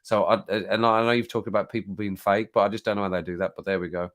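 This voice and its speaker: A British man with a fairly low voice chats casually on a live stream from home. He rambles, laughs a lot and repeats his phrases as he talks. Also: flat delivery, fast talker, fairly bright tone. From Britain. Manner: chatty, rambling, laughs often, repeats himself. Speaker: YouTube channel host. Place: home, sitting at desk.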